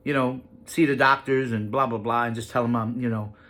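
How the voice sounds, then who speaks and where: A man quoting a laid-back young woman in a lower, matter-of-fact voice. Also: fairly even intonation, a little fast, a bit bright, lightly acted. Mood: nonchalant. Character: offhand young woman, carefree repeat patient.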